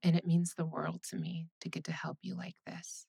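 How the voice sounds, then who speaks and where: A woman voicing a caring, teasing young girlfriend in a whispered role-play, soothing and reassuring with soft laughs. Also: fairly low pitch, level tone, normal speed, creaky, breathy edge, full character voice.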